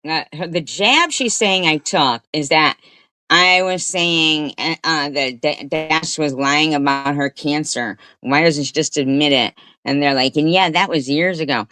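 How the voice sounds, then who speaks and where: Slow, indignant woman livestreamer. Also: low-pitched, sharp tone, no room sound. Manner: indignant, profane, rambling. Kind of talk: commentary livestream.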